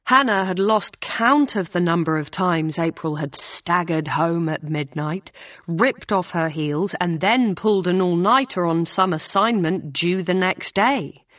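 A woman reading a novel aloud as audiobook narrator, in a measured storytelling manner. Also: lowish voice, fairly bright tone, no room sound. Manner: measured, voices characters with small shifts. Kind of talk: scripted narration.

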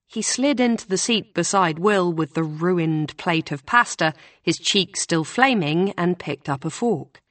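A woman narrating an audiobook with a calm, even delivery. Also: fairly low pitch, measured pace, few pauses, no room sound.

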